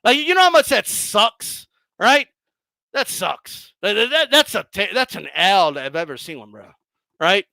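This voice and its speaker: A man hosting a boxing channel, gloating and mocking his critics in a heated rant, swearing often and shouting at times. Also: sits high, animated, unhurried, creaky, no echo. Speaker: boxing commentator and channel host.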